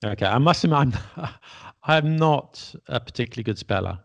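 A man's voice: medium pitch, expressive, normal speed, creaky, no room sound, highs cut off. A man who teaches English, chatting casually and laughing at his own mistakes. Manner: chatty, self-deprecating, laughs often. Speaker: podcast host and English teacher. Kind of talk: casual conversation.

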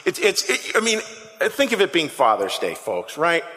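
High, bright preacher in a reverberant hall. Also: male voice, normal speed. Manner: animated, conversational, asks the congregation questions. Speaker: pastor. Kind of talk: lively sermon. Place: church sanctuary. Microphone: handheld microphone.

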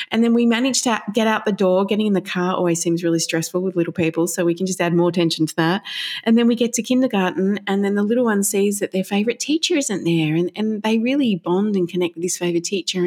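A woman's voice: mid-range voice, darkish tone. A middle-aged woman, a parenting counsellor, explaining in an interview and telling vivid everyday stories, briefly acting out parents and children.

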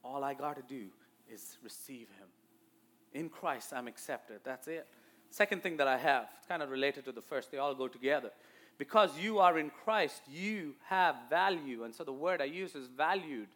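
A man with an Indian accent preaching a sermon to a church, moving between quiet asides and loud, emphatic declarations. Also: fairly high pitch, animated, normal speed. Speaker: pastor.

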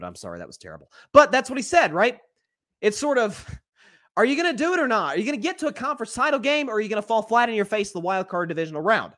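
A man hosting a live sports talk show, talking in an animated way with frequent restarts and repeated words, and reading viewer comments aloud. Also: high voice, fast talker.

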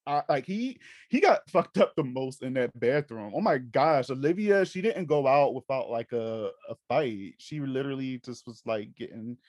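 A young man co-hosting a casual horror movie chat, gushing excitedly and swearing casually. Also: mid-range voice, normal speed, few pauses, no room sound, clean studio sound. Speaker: podcast co-host.

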